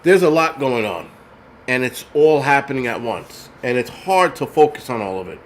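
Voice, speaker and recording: A man's voice: medium pitch, expressive, moderate pace, slight background noise. A man vlogging, delivering an angry, profane, rambling rant to his viewers. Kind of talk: casual rant to camera.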